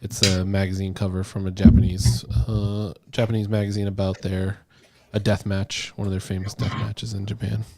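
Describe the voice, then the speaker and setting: A man co-hosting a casual panel chat, easygoing and quick to laugh. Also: on the low side, flat delivery, noisy background. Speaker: co-host.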